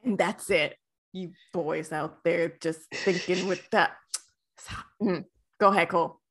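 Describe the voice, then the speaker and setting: A woman co-hosting a podcast, reacting to the story in casual, animated, joking chat. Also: lowish voice, measured pace, breathy edge. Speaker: podcast co-host.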